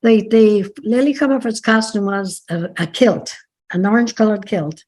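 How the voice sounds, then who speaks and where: At a moderate pace and in a darkish mid-range voice, an older Dublin-accented Irish woman recalls her past as an interview guest. A dance teacher, she chats freely, drifts between topics, and often corrects herself partway through.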